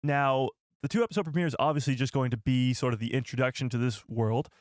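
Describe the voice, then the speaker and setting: A man hosting a live stream, chatting with viewers in an excitable, joking way. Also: mid-range voice, fast talker, no room sound, clean studio sound. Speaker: livestream host.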